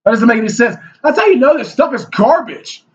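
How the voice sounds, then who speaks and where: Guy with a really high voice ranting at the camera, heated and mocking, dull muffled lo-fi audio. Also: expressive, fairly quick. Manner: heated and mocking, mimics opponents in whiny voices. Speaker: video blogger. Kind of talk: ranting monologue. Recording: dull lo-fi recording.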